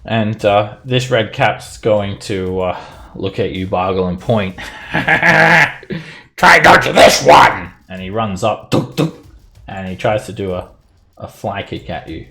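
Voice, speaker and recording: A man narrating as game master of a tabletop game, in a relaxed way with many fillers. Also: low-pitched, a little slow, very noisy.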